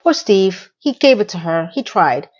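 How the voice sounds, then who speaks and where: A woman's voice: mid-range voice, sing-song, unhurried, dull audio. A woman giving a casual recap of a TV episode, with blunt, exasperated commentary and words she repeats for emphasis. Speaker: TV recap reviewer.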